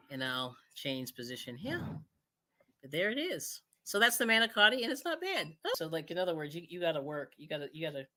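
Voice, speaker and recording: A woman with a low voice hosts a live cooking stream. Her talk is casual and chatty, with lots of laughter and sentences she breaks off and starts again. Her pitch swings widely as she goes. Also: very animated, moderate pace, long pauses, background noise. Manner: chatty, laughs often, trails off and restarts. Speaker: cooking show host.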